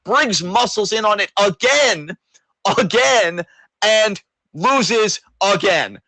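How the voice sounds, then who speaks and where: A man rants about wrestling with mock outrage and heavy swearing, his voice a little higher than most. He talks into a close mic in a dry, dead room. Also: animated, slow, bright, forceful tone, no room sound, low-quality recording. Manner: exasperated, sarcastic, swears a lot. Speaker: wrestling podcast co-host. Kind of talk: casual profane wrestling rant.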